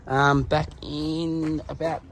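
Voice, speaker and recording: Outdoors at a hilltop pyramid site, a travel vlogger with a fairly high male voice narrates a casual handheld-camera vlog. He's chatty, laughs and exclaims often, and is winded from the climb. His tone stays level and he speaks slowly, with a faint hiss or hum in the recording.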